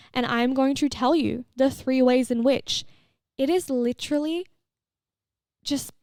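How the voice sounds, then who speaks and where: A woman's voice: fairly high pitch, a little mellow, clear, resonant tone, no room sound, studio quality. A young woman in her twenties hosting her own podcast, talking candidly and casually, swearing freely and laughing often. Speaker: podcast host and fitness coach. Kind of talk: casual solo podcast chat.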